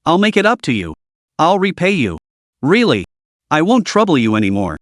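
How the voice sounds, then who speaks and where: A man's voice: a little high, huge pitch swings, moderate pace, no room sound, studio quality. A man voicing a young woman who is tearful and pleading, reading her in a storybook recap. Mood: distressed. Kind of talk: storybook narration.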